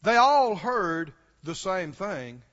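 A man's voice: sits high, sing-song, takes it slowly, fairly bright tone. A man preaching a sermon with passion, asking his listeners questions and rising to exclamations. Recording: dull lo-fi sound with long hall reverb.

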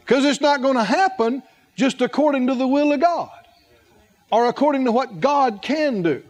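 A man's voice: very high voice, moderate pace. A man preaching a sermon, asking the congregation questions and repeating words for emphasis.

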